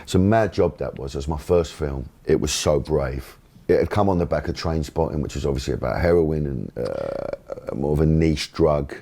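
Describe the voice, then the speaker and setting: A man's voice: a bass voice, animated, moderate pace, vocal fry, warm tone, breathy edge. A middle-aged man, telling candid interview anecdotes in a blunt, open way, swearing freely. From England. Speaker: actor interviewee.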